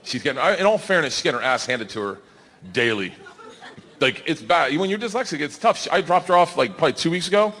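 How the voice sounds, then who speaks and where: A man doing a stand-up comedy set, animated and storytelling, acting out voices and bantering with the crowd. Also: on the high side, fast talker. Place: comedy stage before a live audience. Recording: live show with audience laughter and background noise.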